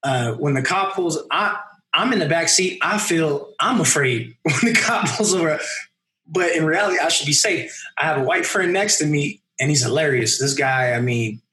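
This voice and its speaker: A man in his thirties, a podcast guest, telling a personal story in a casual, animated way and acting out the people in it. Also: on the high side, moderate pace. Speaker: podcast guest, mountain runner.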